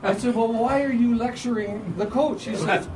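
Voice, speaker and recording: A man with a Canadian accent telling lively, laughing anecdotes at a memorial gathering about a fellow referee. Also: extremely high pitch, moderate pace. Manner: animated storytelling, acts out quoted voices with laughter. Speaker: referee assigner giving a memorial tribute. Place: gathering hall with audience. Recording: distant mic, noisy crowd.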